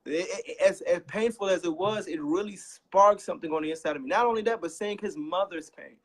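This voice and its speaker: Young man, guest on a faith talk show, earnest, holding back tears, slightly high voice. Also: a little fast. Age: young adult. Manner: earnest, repeats phrases, voice rising when emphatic. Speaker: guest sharing a personal story. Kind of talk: emotional personal testimony.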